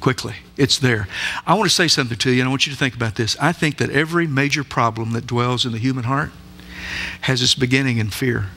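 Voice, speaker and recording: Bright-voiced preacher giving a sermon. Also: male voice, mid-range voice, fast, breathy edge. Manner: emphatic, asks the listeners many rhetorical questions. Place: church sanctuary.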